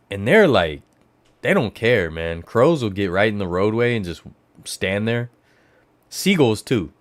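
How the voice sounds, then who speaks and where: Low-voiced rambling livestream host, dry sound. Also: male voice, slow, pauses often, no echo. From California Bay Area. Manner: rambling storyteller who jumps to high excited exclamations. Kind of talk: casual livestream chat.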